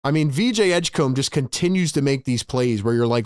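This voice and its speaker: A man hosting a fan livestream, giving excitable play-by-play and talking to his chat, with sudden loud bursts of hype. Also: mid-range voice, a little fast, few pauses, smooth, no echo, clean studio sound.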